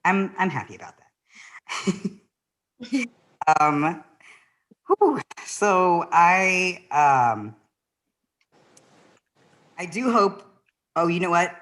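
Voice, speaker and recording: A woman born in the Philippines performing a virtual stand-up set over a video call, rambling and giggling mid-sentence and dropping into soft, quiet asides. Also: on the low side, big pitch swings, very slow, long pauses. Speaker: stand-up comedian.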